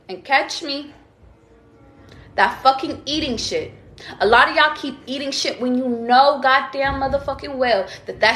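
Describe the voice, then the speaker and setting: A young tarot vlogger delivers a blunt, profane, fired-up rant, preaching straight to her viewers in a vlog monologue. Her high, bright voice has a forceful tone, and the room is echoey.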